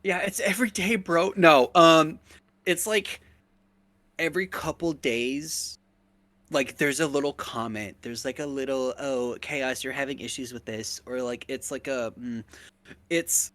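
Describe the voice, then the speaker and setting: A man with a bright, forward voice, chatting casually on a live stream and swearing freely. His voice is recorded dry and close, with no room around it. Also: on the high side, unhurried, dry recording. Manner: swears freely, laughs often. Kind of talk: casual chat.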